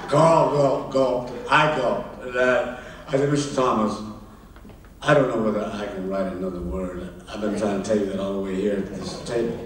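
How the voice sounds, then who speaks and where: An older man from Kansas, a film director and author, tells anecdotes on stage in a halting way, repeating words and acting out the people in his dialogue. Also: lowish voice, fairly even intonation. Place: large hall at a public event. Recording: echoey hall, distant mic, faint noise.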